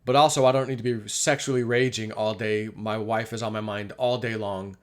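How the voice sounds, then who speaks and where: A man's voice: fairly low pitch, fairly even intonation, a little fast. A middle-aged man talking casually about his life in a rambling, confessional monologue, often acting out what people said. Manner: rambling, confessional, acts out quoted dialogue. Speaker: vlogger.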